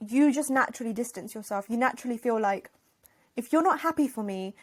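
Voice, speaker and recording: Animated high-voiced woman telling stories. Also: fairly quick. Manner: animated storyteller who acts out what friends said. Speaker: guest, author. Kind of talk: casual conversational interview.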